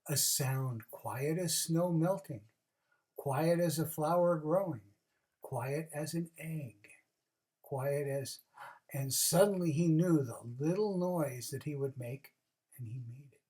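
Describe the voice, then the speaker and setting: A storyteller reads a children's book aloud in a casual way, adding chatty asides and expressive narration. The voice is mid-range and the pace slow.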